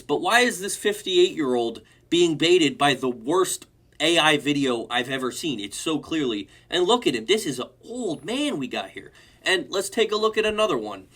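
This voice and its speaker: Bright, lively young man mocking comments. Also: fairly high pitch. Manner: mocking, reads comments aloud. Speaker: host. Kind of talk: reaction commentary.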